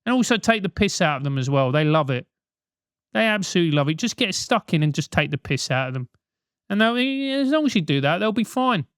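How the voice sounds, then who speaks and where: With a British accent and a high, sing-song voice, this comic advice show host talks fairly quickly, full of profanity and mockery, and never minces words. The tone is a bit bright, clear, and resonant. It's studio-quality audio without any room sound.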